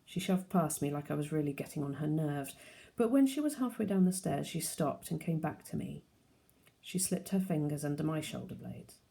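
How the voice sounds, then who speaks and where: Teacher reading a novel aloud, woman, low gravelly voice, steady pace. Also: normal speed.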